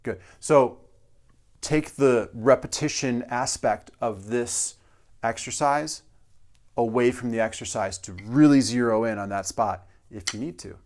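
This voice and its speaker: A male drum teacher explains a practice exercise step by step in an instructional demonstration, counting beats aloud. His medium-pitched voice is unhurried and a little mellow.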